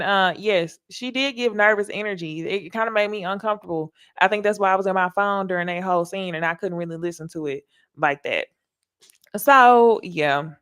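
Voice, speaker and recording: A woman's voice: medium pitch, a bit bright, clean tone, dry recording, clean studio sound. A woman with a Southern American accent hosting a casual, candid recap talk show, chatty and emphatic. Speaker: host.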